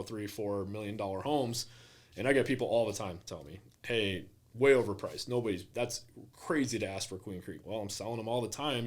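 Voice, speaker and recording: A man who works as a real estate agent, chatting casually on a podcast and acting out quoted clients with lively energy. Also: lowish voice.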